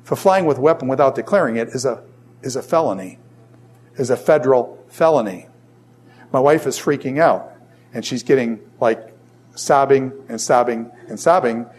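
A middle-aged man, a college professor, telling a personal story in a classroom lecture, rambling and animated with lots of fillers. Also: medium pitch, moderate pace, husky.

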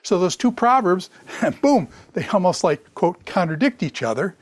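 A man giving a classroom Bible lecture, animated, chuckling and throwing in sarcastic asides. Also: high-pitched, normal speed, no room sound, clean studio sound.

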